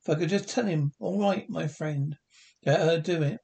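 A man's voice: on the high side, moderate pace, vocal fry, warm tone. An actor playing a middle-aged bookie and drunk, a desperate father who pleads and stammers with emotion in a 1960s TV drama. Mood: grieving.

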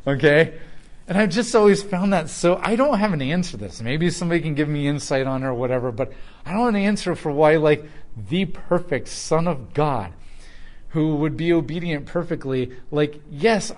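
Man, casual Bible teacher, animated pitch, slightly high, conversational with acted-out asides. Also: normal speed. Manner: conversational, acts out dialogue with filler "like".

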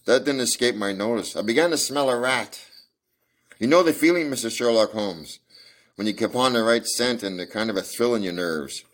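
A man's voice: mid-range voice, fairly quick, lightly acted. A man reading the part of a self-satisfied police detective. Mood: boastful. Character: Gregson, proud male police detective.

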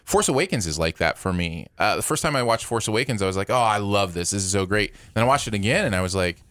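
A young adult man co-hosting a casual movie podcast, enthusiastic and animated as he tells stories. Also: fairly low pitch, quick pace, no echo, studio quality. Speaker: podcast co-host.

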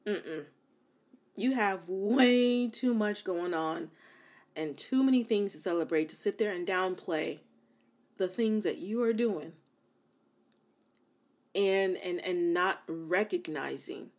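A woman's voice: mid-range voice, slow pace, pauses often. Young woman vlogging self-love tips, chatty, lots of "like", gets emphatic and repeats herself to drive it home. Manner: conversational, many fillers like "like" and "you know". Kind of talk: casual motivational talk to camera.

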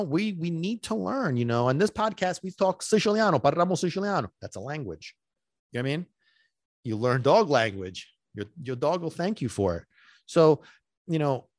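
A man's voice: mid-range voice, dry recording, clean studio sound. A middle-aged man, a dog trainer hosting his podcast in casual talk, emphatic and repetitive, often asking whether listeners follow him.

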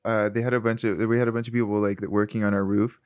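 A man's voice: lowish voice, little pitch movement, quick pace, a little mellow, clean tone, no echo. A man co-hosting a casual podcast who jokes around and laughs often. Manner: jokey, laughs often, does mock voices. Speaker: podcast co-host.

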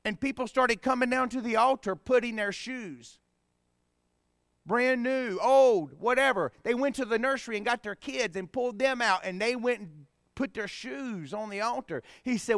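A man preaching a sermon as pastor, swinging from hushed, tender passages to emphatic, rising appeals. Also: very high-pitched, moderate pace, no room sound, studio quality. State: choked up with emotion.

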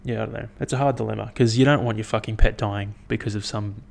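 A young man talking to camera in a casual, rambling monologue, blunt and swearing a lot as he thinks out loud. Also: on the low side, fairly even intonation, fast talker, vocal fry, slight background noise. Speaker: vlogger.

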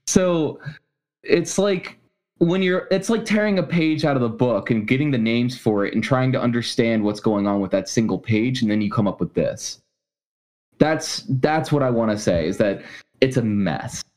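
A man's voice: medium pitch, a little mellow. A man co-hosting a casual movie review podcast, talking bluntly and with a lot of swearing. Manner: blunt, profane and ranting. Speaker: podcast co-host.

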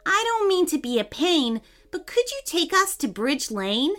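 A woman's voice: very high-pitched, big pitch swings, measured pace, a bit bright, pitched above the performer's own voice, heavily acted. A woman voicing a polite, thoughtful young boy in a storybook reading. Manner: polite and helpful.

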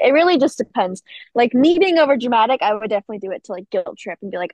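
A woman's voice: fairly high pitch, lively intonation, fast talker, darkish tone, no room sound. A young woman, a college student, chatting casually as a radio guest, filling her talk with "like". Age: young adult. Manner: chatty, says "like" a lot.

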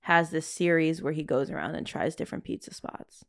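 A woman co-hosting a podcast in casual chat, animated, swearing and laughing often. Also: low voice, brisk, vocal fry. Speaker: podcast co-host.

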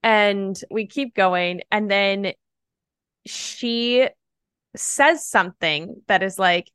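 A young adult woman tells a personal story as a podcast guest, animated and chatty with plenty of "like" fillers. Her voice sits at an ordinary middle pitch. The sound is close and dry, with no room echo. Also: extremely slow, smooth. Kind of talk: casual storytelling.

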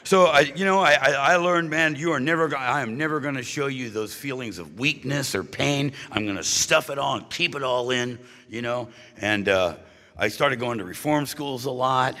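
A man's voice: mid-range voice, normal speed, bright, forceful tone. Joking man in a reverberant hall. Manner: punchy and joking, keeps asking the audience "right?" and "you know?". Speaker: speaker at a recovery meeting. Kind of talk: humorous personal-story talk to a live audience. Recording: live talk with long hall reverb.

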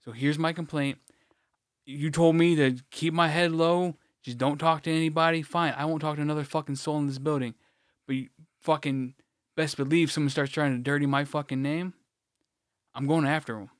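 Guy ranting on a podcast, swears a lot, kinda high voice, dry sound. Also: fairly even intonation, normal speed, smooth, no room sound. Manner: profane, ranting storyteller. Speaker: podcast co-host. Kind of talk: casual chat.

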